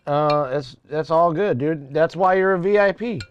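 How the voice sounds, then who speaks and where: A man's voice: on the high side, moderate pace, smooth, muffled recording. A young man casually chatting on a live music-production stream, rambling, swearing and laughing at his own jokes. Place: home studio.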